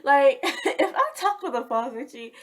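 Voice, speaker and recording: A woman's voice: high-pitched, big pitch swings, measured pace. Dramatic chatty woman telling a story. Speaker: vlogger. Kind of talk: casual storytime.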